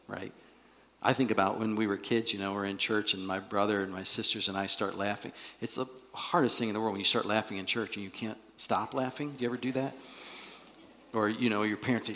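A male pastor preaching a sermon in a church, animated and acting out the voices he quotes. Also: lowish voice, brisk. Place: church sanctuary. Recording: long reverb of a large hall.

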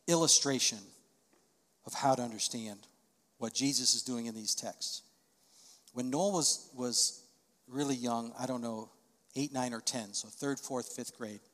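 A middle-aged male pastor delivers a storytelling sermon, his voice sitting at an ordinary middle pitch. He swells into loud, emphatic peaks to drive points home. His words ring out with a long reverb, as in a large church sanctuary.

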